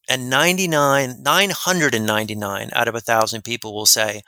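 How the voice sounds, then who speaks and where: A man, a guest expert on a podcast, telling rambling, animated anecdotes in an interview. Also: medium pitch, moderate pace, smooth, no echo. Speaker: guest expert on workplace respect. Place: lives in New Jersey.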